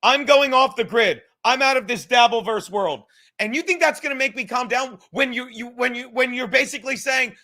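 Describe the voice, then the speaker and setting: High-voiced guy in his 30s ranting on his podcast from the couch, swearing a lot, all over the place, sharp bright tone. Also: moderate pace. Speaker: podcast host. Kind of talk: profane livestream rant. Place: home, sitting on his couch.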